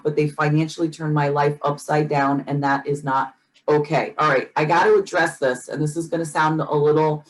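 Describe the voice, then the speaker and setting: Woman co-host, lower pitch, easygoing, reads comments aloud. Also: low-quality recording. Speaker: podcast co-host. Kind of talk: casual chat.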